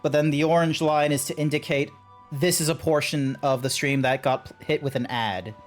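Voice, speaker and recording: A man's voice: a little high, steady tone, moderate pace, soft background music. A man streaming a game, talking in a rambling, chatty way with lots of fillers. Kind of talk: casual live-stream chat.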